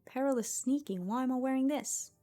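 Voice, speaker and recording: Over faint background music, a female streamer offers relaxed gameplay commentary in a high, mellow voice, talking a little fast. She muses aloud to herself chattily and laughs readily.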